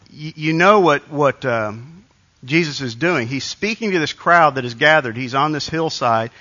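A man's voice: medium pitch, bright, forceful tone, muffled recording. A man preaching a conversational sermon as a pastor, telling stories with asides and restarts. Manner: conversational, self-deprecating storytelling with restarts.

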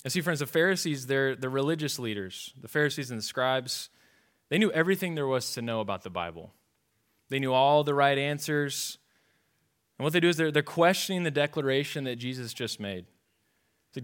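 A man's voice: medium pitch, expressive, moderate pace, a bit bright. A man preaching a sermon in a conversational, emphatic way, with repetition and rhetorical questions. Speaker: pastor.

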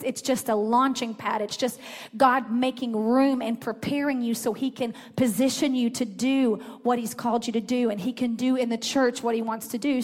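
In a church sanctuary whose large-hall acoustics add long reverb alongside music, a female preacher prays and preaches to her congregation. Her fairly high, darkish voice carries a fervent, declarative rhythm through the sermon and its opening prayer.

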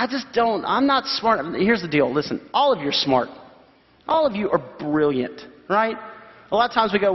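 Male pastor, sermon delivery, high voice, lively storyteller, dull hall sound with long reverb. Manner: animated storytelling with voiced quotes and sudden high exclamations.

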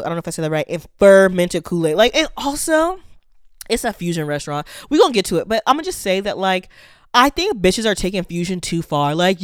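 A speaker giving a blunt, sassy, profane restaurant review in a casual monologue, spelling out menu names slowly. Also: mid-range voice, clear, resonant tone, no echo, studio quality.

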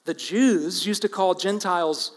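A man with a somewhat high voice delivers an earnest expository sermon. He leans hard on key words and then drops to quiet asides. His voice carries a long reverb, as if from a large hall or sanctuary. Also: a little slow. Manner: earnest, emphatic, swings between loud stress and quiet asides. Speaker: preacher.

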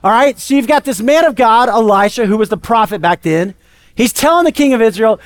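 High-voiced man preaching a sermon. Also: normal speed. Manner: conversational, lively storytelling. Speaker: pastor.

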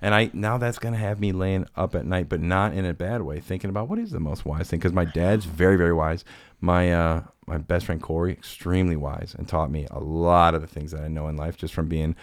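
A man's voice: sits low, brisk, dry recording, clean studio sound. A man hosting a podcast, telling rambling, self-deprecating stories in casual chat. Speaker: podcast host.

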